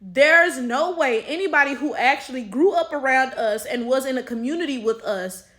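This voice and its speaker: Woman, African American accent, high voice, exasperated, emphatic, blunt commentary. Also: expressive, normal speed, fairly bright tone. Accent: African American English. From United States. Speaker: commentary vlogger. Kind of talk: opinion commentary.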